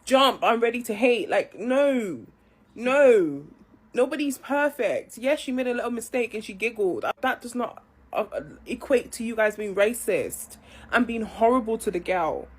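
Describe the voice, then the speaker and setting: A woman's voice: fairly high pitch, expressive, a little slow, breathy edge. A woman ranting in exasperation, scolding online haters. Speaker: commentator. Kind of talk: ranting commentary.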